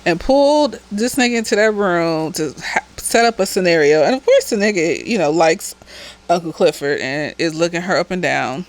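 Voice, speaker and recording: A woman's voice: on the low side, lively intonation, moderate pace, poor audio. A woman therapist, slightly tipsy, giving a casual, blunt and profane recap of a TV episode with chatty asides.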